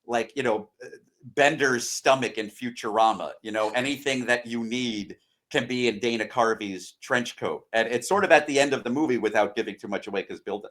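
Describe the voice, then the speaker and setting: A man's voice: mid-range voice, moderate pace, fairly bright tone. Rambling American man talking movies. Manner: long, rambling explanations. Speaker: podcast co-host or guest. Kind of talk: casual film-discussion chat.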